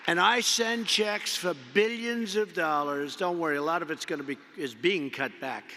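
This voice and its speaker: Man, political speaker, rambling convention speech, bright forceful tone, slightly high pitch, long arena echo. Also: moderate pace, a faint crowd, a little hiss or hum. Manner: rambling, repetitive, conversational asides. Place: large indoor convention arena.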